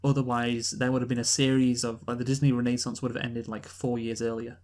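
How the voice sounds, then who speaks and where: Man, podcast co-host, mid-range voice, hesitant and deadpan. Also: medium pitch. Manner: halting, many fillers and restarts, dry sarcastic humor. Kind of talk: casual movie review chat.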